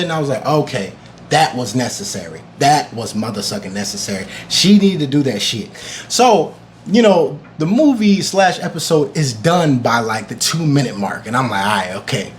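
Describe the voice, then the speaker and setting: A man's voice: fairly high pitch, a little hiss or hum. A young man reviewing a series in a casual vlog, swearing and acting out his own reactions.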